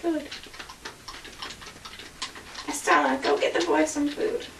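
Girl doing a super high squeaky bitter old lady recluse, bossy, far off mic in an echoey room with lots of hiss. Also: big pitch swings, slow, exaggerated voice. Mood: commanding. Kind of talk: amateur school video acting.

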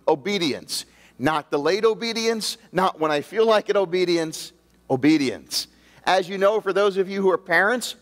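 A male pastor with a high, bright-edged voice delivers an emphatic sermon, firing rhetorical questions at his congregation. The sound rings out with a long reverb from the church sanctuary.

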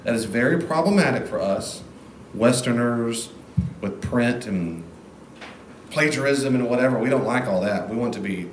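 A man teaching the Bible in an informal classroom lecture, lively and acting out quoted voices, recorded in a room with a live audience. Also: medium pitch, normal speed, a little hiss or hum. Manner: animated, acts out quoted voices. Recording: echoey room, faint ambience.

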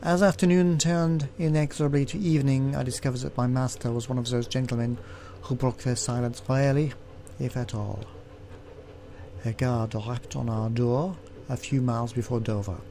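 A man's voice: mid-range voice, normal speed, a little hiss or hum. Man reading a text adventure aloud. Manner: expressive reading with asides. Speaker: let's play host.

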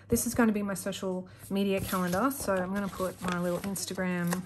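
A woman's voice: mid-range voice, little pitch movement, brisk, noisy background. Rambling chatty woman vlogger. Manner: rambling, sidetracks often, gets worked up ranting. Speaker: planner vlogger. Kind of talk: chatty talk while crafting. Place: at a desk at home. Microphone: desk-mounted camera.

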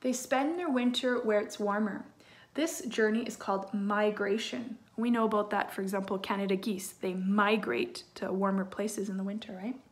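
A woman reading a picture book aloud to children, pausing to explain in gentle, hushed asides. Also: mid-range voice, steady tone.

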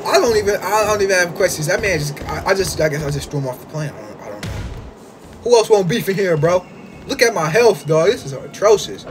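A young man giving casual gameplay commentary, excitable and slangy, swinging from low mutters to sudden yelps and trash talk. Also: a little fast, over music. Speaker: gaming YouTuber.

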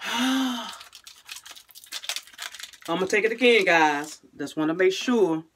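With lively intonation and a slow pace, a woman vlogs casually to camera in short, restarted phrases. She tends to end lines with a low, quiet "guys" or "y'all," and there's a little hiss or hum in the audio.

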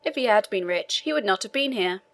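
A woman's voice: mid-range voice, lively intonation, a little fast, a bit bright. A woman voicing an impatient male prison inspector who answers in a dry, matter-of-fact way.

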